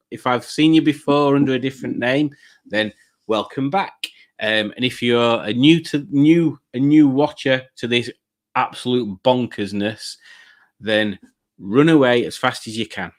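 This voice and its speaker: A man hosting a casual livestream, rambling and hesitant with many fillers and goofy jokes while greeting the chat. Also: mid-range voice. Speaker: livestream host.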